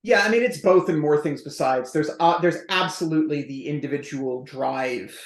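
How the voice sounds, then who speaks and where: A man speaking as a historian guest on an interview podcast, explaining in a lively, quick way with jokey asides. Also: fairly high pitch, roomy sound.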